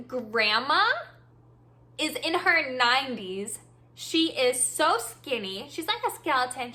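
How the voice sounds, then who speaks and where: A woman hosting a storytime podcast, telling her tale in an animated, exasperated way. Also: sits high. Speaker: podcast host.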